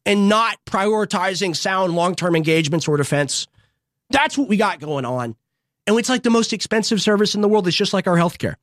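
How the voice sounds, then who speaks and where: Young host ranting fervently, dry studio. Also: dry recording. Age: young adult. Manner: fervent, preachy, repetitive rallying lines; big swings in pitch and loudness. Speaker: show host. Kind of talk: impassioned political monologue.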